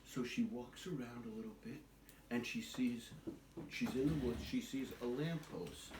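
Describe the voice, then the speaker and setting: An older man, a grandfather, telling a children's story at home in a gentle, patient way. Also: medium pitch, a little slow. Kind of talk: bedtime storytelling. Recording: echoey, distant, noisy home recording.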